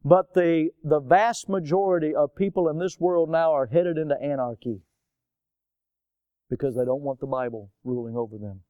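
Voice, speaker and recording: Man preaching a sermon, raised voice, smooth and clear, dry close sound. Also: on the high side, normal speed, no room sound, narrow, tinny audio. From United States. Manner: preaching with rhetorical questions and emphatic repetition. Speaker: pastor.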